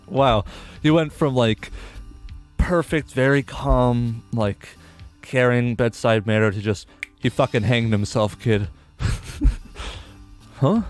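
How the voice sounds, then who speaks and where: A man's voice: mid-range voice, measured pace, faint music behind. A man casually commentating a game playthrough, reading its dialogue aloud with sarcastic, sweary asides. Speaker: game streamer. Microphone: desktop USB microphone.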